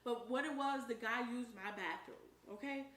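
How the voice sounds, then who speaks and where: A young woman vlogger tells a story in an animated, emphatic way, swearing freely and shouting when she quotes someone. Her voice sits fairly high. It is recorded from a little distance in an echoey room with faint background noise. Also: moderate pace. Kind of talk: storytime while eating on camera. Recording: roomy echo, voice a bit far from the mic, faint noise.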